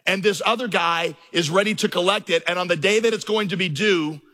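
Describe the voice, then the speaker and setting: A man's voice: high voice, fairly quick, sharp tone. A man preaching a sermon as pastor, telling stories and building to impassioned emphasis. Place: large church auditorium. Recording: reverberant hall.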